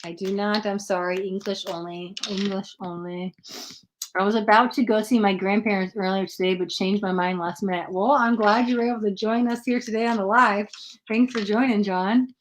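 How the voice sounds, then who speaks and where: A woman's voice: medium pitch, fairly even intonation, moderate pace, a little hiss or hum. A woman hosting a tarot livestream in a casual, chatty way, greeting viewers by name and laughing at herself when she stumbles over names.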